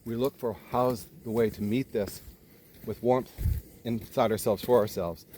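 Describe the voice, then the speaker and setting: A man telling a story in casual conversation, animated, swearing freely and acting out the people in it. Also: mid-range voice, slight background noise. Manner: animated retelling, swears freely, quick jumps in loudness.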